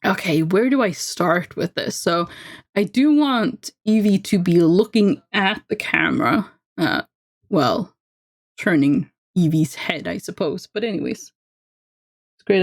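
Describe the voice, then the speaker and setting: A woman's voice: mid-range voice, expressive, slow pace. A young woman livestreaming, chatting casually and self-deprecatingly while she draws, laughing often. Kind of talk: casual chat while drawing.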